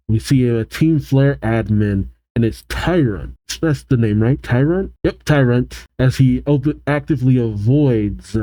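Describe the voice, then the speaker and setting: A man's voice: medium pitch, dark tone, dry recording, poor audio. A man reading a comic aloud and reacting to it, breaking off with amused exclamations. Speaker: manga reaction host.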